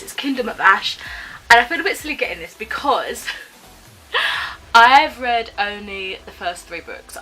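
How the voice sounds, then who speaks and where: A woman's voice: mid-range voice, bright, forceful tone, rough recording. A young British woman chatting casually in a vlog, rambling with frequent ums and self-corrections. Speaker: book vlogger.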